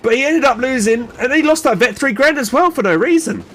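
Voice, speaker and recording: High-voiced, excitable male game caster. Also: fairly quick. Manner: exclaiming, swearing, many restarts and fillers. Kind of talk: excited play-by-play game commentary.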